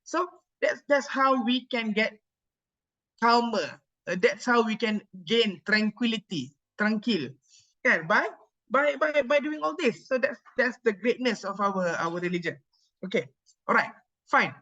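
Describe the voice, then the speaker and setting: A woman's voice: fairly high pitch, lively intonation, measured pace, fairly bright tone, dull audio. A woman lecturer with a Malaysian English accent giving a medical lecture, code-switching, repeating phrases and checking that students follow.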